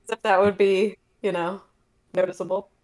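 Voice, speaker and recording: A woman's voice: mid-range voice, level tone, normal speed, darkish tone, dry recording. A woman co-hosting a podcast, chiming in with playful, amused remarks. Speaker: podcast co-host. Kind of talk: casual chat.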